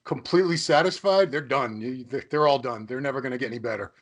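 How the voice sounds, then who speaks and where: A man with a mid-range voice talks fast while hosting an interview. He's chatty and joking, asking long, rambling questions in a casual interview chat.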